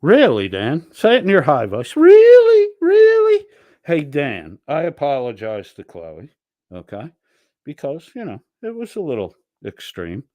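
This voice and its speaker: A man's voice: medium pitch, very animated, moderate pace, no echo, highs cut off. A man ranting angrily and profanely while arguing with someone on a livestream. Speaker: streamer. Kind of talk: heated livestream argument.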